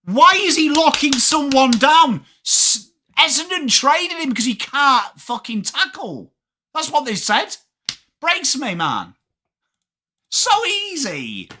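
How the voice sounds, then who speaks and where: A young English man hosting a live sports watchalong, talking fast and casually, swearing freely and answering chat by name. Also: very high voice, slight background noise. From England. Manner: animated, swearing, reads chat names aloud. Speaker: livestream host.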